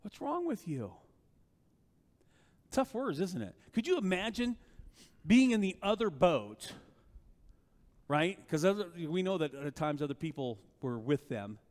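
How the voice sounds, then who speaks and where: Animated preaching man, lively pitch. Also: unhurried, in a large hall. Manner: animated, conversational preaching with frequent "right?" and rhetorical questions. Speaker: pastor. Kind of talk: sermon.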